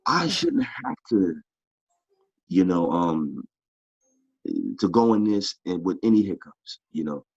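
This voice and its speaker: A man's voice: deep voice, slow pace, pauses often, dry recording, dull audio. A middle-aged man, a boxing club founder, talking casually as a tired interview guest and rambling through many fillers. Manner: relaxed, rambling with many "you know" fillers. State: tired, short on sleep.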